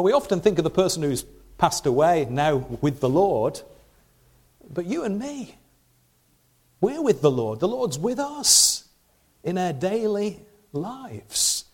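Conversational preacher with a higher voice. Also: male voice. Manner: conversational, with rhetorical questions and restarts. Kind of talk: sermon.

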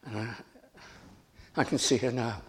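A man's voice: medium pitch, fairly even intonation, unhurried, fairly bright tone. A middle-aged man preaching a sermon as pastor, earnest, repeating his phrases and stumbling over restarts.

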